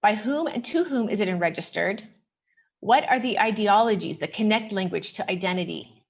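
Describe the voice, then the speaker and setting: A woman researcher giving an academic paper presentation at a conference. She speaks in a measured, explanatory way and often opens her points with "okay". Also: mid-range voice, husky, highs cut off.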